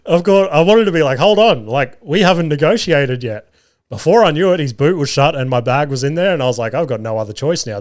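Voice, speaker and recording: Swearing Australian man telling stories. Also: medium pitch. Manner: animated, swearing, self-mocking. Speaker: podcast host. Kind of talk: casual storytelling monologue. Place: home garage studio.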